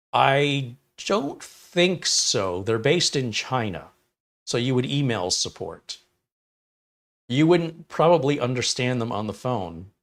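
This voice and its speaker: A man hosting a casual tech livestream, rambling and opinionated as he reads chat comments aloud and reacts to them. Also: medium pitch. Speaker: livestream host reviewing mini PCs.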